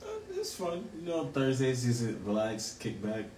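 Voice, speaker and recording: A man's voice: mid-range voice, lively intonation, moderate pace, darkish tone. A young man co-hosting a casual show, laid-back and full of "like", answering in short easy replies. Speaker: co-host, the host's son. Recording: roomy, distant mic with faint background noise.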